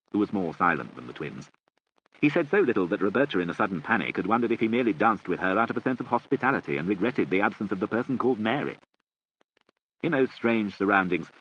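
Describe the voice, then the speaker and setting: A low-voiced man narrates a classic novel, his pitch moving expressively through the sentences. The sound is a little dull and lo-fi. A faint hiss runs underneath. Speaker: audiobook narrator. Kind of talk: scripted narration. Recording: muffled recording with faint hiss.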